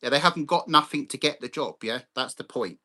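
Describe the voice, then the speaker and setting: A man's voice: mid-range voice, animated, fairly quick, pushed and bright. A man hosting a live chat stream. He talks bluntly, swears freely and greets viewers by name. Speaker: livestream host.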